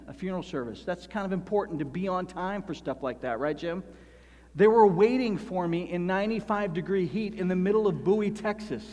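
A man preaching a sermon as pastor, animated and emphatic, slowing down to stress key phrases. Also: a little high. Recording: long hall reverb.

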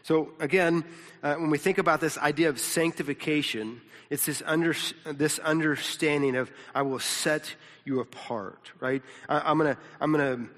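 A man's voice: on the high side, moderate pace, fairly bright tone. A pastor teaching a sermon in a casual, conversational way, often repeating words and checking in with his listeners. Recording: long reverb of a large hall.

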